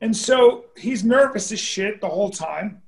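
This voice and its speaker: A man's voice: high voice, lively intonation, measured pace, gravelly. A man telling stories in casual talk, profane and rambling, acting out what people said. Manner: profane, rambling storyteller who acts out quotes. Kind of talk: casual storytelling chat. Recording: roomy echo.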